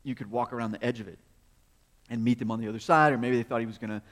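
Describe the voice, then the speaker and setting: Racing along in a mid-range voice with fairly even intonation, a man delivers a sermon like a conversational story, posing rhetorical questions and frequently chuckling as he speaks. His words ring with a large hall's long reverb.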